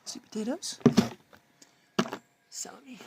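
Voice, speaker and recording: A woman's voice: slow pace, heavy background noise. A woman vlogging her farm chores, greeting her animals in a sing-song baby-talk voice. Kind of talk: casual farm chores vlog, talking to animals. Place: outdoors on a farm.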